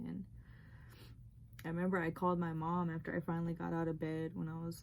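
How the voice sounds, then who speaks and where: A woman's voice: fairly low pitch, completely flat delivery, a little fast, vocal fry, darkish tone, a little hiss or hum. A young woman telling a personal dream story in a rambling, emotional way, with many fillers. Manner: rambling, heavy use of "like". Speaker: vlogger sharing a testimony.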